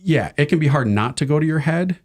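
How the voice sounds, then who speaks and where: A man, a priest and podcast guest, chatting casually and telling animated stories, acting out the people he quotes. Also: fairly high pitch, fairly quick. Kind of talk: casual conversation.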